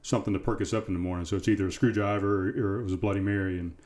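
A man speaks in a low, relaxed voice. He hosts a podcast and chats casually in an easygoing, matter-of-fact way. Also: racing. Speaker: podcast host. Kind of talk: casual chat.

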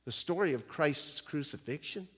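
A man's voice: a little high, lively intonation, normal speed, fairly bright tone, slightly rough, big-room sound. A man preaching a sermon in a church, telling a story dramatically and stressing key words.

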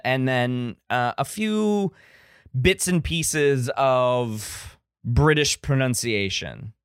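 A male podcast host chatting casually about classic films and wandering off on long tangents with plenty of restarts. His voice is smooth and clear, at a middle pitch. The sound is dry and close. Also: a bit bright, dry recording. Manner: rambling, digressive, many restarts; enthusiastic about old films. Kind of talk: casual film-review chat.

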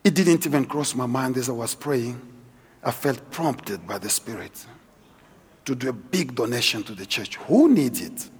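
Husky middle-aged male preacher, sermon in a reverberant church hall, lively swings between murmur and shout. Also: normal speed. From South Africa. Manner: animated, shifts from low asides to shouted exhortation. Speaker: guest preacher.

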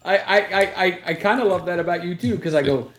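A man co-hosting a morning show, upbeat and excitable, coming back to the same point again and again. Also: high-pitched, quick pace. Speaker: co-host. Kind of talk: casual chat. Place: radio studio.

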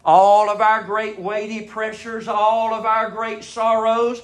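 A man's voice: sits high, level tone, takes it slowly. A man preaching a sermon in a fervent, repetitive cadence.

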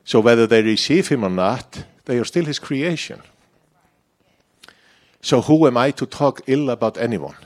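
A man gives a church sermon in an easygoing, personal tone, often pointing the lesson back at himself. His voice sits at an ordinary middle pitch for a man. He preaches like he is talking with friends, not lecturing them. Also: animated, normal speed, long pauses, darkish tone. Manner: conversational, personal, self-deprecating preaching.

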